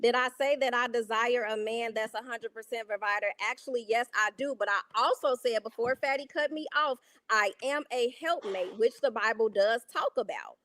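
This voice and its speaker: A woman's voice: on the high side, normal speed, hardly any pauses, a bit bright, dry recording. A woman arguing on a debate panel, insistent and working to keep the floor. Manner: insistent, keeps interrupting to hold the floor.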